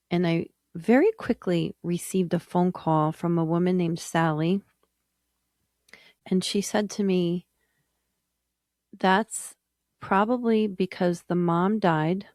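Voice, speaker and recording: A woman hosting a podcast, telling a personal story in a gentle, earnest way. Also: lowish voice, no echo, studio quality. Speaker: podcast host, psychologist.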